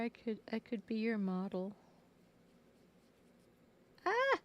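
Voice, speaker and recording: A woman's voice: a little high, huge pitch swings, slow pace, dull audio. A woman painting on a live stream, chatting casually as she greets her viewers and talks to her cat.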